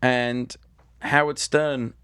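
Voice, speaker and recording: A man's voice: mid-range voice, level tone, very slow, a bit bright, smooth, no echo. A British man telling anecdotes as a guest, dry and self-deprecating. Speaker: guest comedian and magician.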